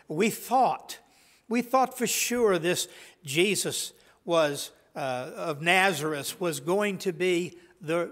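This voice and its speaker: A man preaching in a church sanctuary, his voice sitting high for a man. He talks conversationally, often restarting phrases and filling pauses with "uh." A long reverb trails his words through the hall. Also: fairly bright tone. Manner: conversational, halting with restarts and fillers. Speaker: pastor. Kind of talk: sermon.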